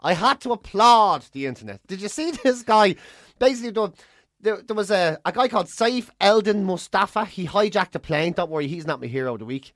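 A co-host telling a story in casual chat, animated and excitable, often swearing. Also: mid-range voice, brisk, no echo, studio quality.

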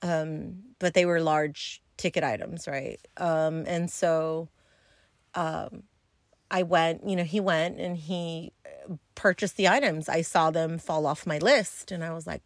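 A woman's voice: on the low side, steady tone, slow pace, dry recording, studio quality. A woman hosting a podcast, telling a story in a casual, blunt and profane way, with plenty of ums and likes. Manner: blunt, profane and chatty, with many fillers. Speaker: podcast host.

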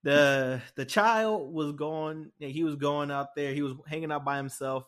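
A young man with a higher-pitched, slightly bright voice speaks at a measured pace. He hosts a casual solo podcast, telling rambling stories full of fillers and restarts.

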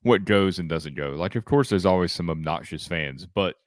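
A man co-hosting a sports podcast, talking in a calm, measured way. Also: sits low, no echo, studio quality. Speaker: podcast co-host.

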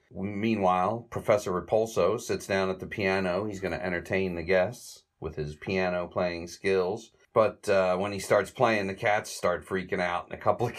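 Deep-voiced guy rambling thru a plot recap, lots of restarts, chuckles here and there. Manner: halting, loose retelling with restarts and chuckles. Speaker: film reviewer recapping a classic comedy short.

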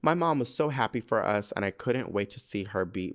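A young man with a low-pitched voice hosts a podcast in a loose, camp, expletive-peppered chat. His voice swings widely up and down as he tells stories and reads a listener's letter, often near tears. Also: brisk, few pauses. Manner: animated, camp, swears freely, gets emotional while reading. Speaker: podcast host.

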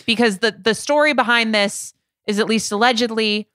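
A woman's voice: a little high, normal speed, a bit bright, smooth, no room sound, studio quality. A woman co-hosting a podcast in casual chat, joking and posing questions to her partner. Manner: chatty, joking, poses questions. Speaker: podcast co-host.

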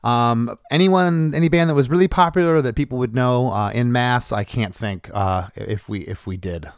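A male podcast host talks shop about his old punk band in a loose, rambling way. His voice sits at an ordinary middle pitch, and the room is dry and close. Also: moderate pace, clean tone, no room sound. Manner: relaxed, rambling with restarts. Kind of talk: casual podcast chat.

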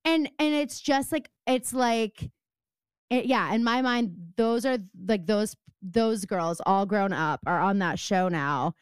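A woman's voice: mid-range voice, slow pace, clear, resonant tone, dry recording, studio quality. A young adult woman hosting a podcast, chatting casually with lots of fillers and laughing asides. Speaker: podcast host. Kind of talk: casual chat.

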